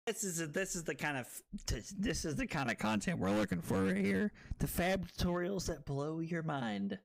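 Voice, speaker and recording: Tipsy, excitable male streamer, bright voice. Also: normal speed, vocal fry, few pauses. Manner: excitable, swinging from loud shouts to low muttering; profane, laughing banter with chat. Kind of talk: live stream commentary on a card game.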